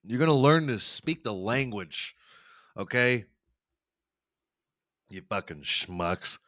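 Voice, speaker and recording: A man's voice: fairly low pitch, lively intonation, slow pace, sharp tone, no echo, clean studio sound. A man hosting a podcast, delivering a rambling, profane, sarcastic comedic rant. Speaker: podcast host. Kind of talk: comedic ranting monologue.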